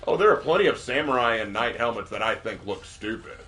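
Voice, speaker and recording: A man's voice: on the low side, animated, brisk, sharp tone, faint music behind. A young man streaming a game, chatting in a laid-back, joking way with a co-host. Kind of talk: casual gaming stream chat.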